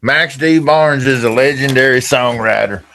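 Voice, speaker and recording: A man's voice: medium pitch, moderate pace, pushed and bright, a little hiss or hum. A man hosting a podcast, chatting casually and telling a joking story. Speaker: podcast host. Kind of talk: casual interview chat.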